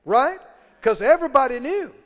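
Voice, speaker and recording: High-voiced man preaching in a reverberant hall. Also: sing-song, normal speed. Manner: emphatic preaching, prods the congregation with questions. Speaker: pastor. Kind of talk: sermon. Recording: long reverb of a large hall.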